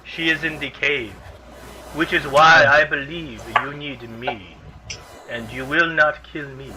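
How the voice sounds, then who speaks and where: A man voicing a captive male doppelganger mercenary, speaking low, quiet and measured. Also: fairly even intonation, a crowd in the background, lightly acted, low-quality recording. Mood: calm.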